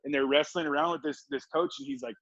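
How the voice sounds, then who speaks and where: A man from Southern California, a former football player, telling a story as a podcast guest in a relaxed, laughing way, with lots of "like" and casual swearing. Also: fairly high pitch, fast talker. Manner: laid-back, laughing, swearing, many fillers like "like". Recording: dull, dry podcast recording.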